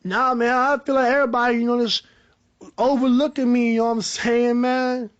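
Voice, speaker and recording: Man putting on a laid-back young athlete, slangy, drawling, a bit lower, dull recording. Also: little pitch movement, a little fast. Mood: aggrieved. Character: laid-back young male football player.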